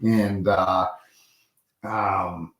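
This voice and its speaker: A man's voice: deep voice, steady tone, extremely slow, a bit bright, roomy sound, rough recording. A man, a former referee, telling rambling anecdotes with many restarts and acted-out quotes in a casual interview.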